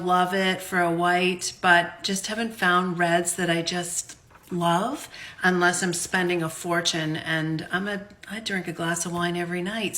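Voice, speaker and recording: A woman's voice: on the low side, pushed and bright. A woman from Canada casually chatting about wines in her home kitchen, unscripted and self-deprecating. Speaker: home vlogger reviewing wines. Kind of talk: casual chat.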